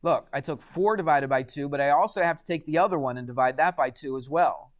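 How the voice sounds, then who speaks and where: A man's voice: fairly high pitch, fairly quick. A man teaching a math class in a classroom, chatty and quizzing students with frequent questions. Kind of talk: classroom lecture.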